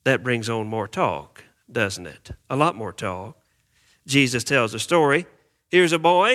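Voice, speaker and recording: A male pastor reading scripture and preaching an earnest sermon, emphatic, with dramatic slowdowns. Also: medium pitch, sharp tone.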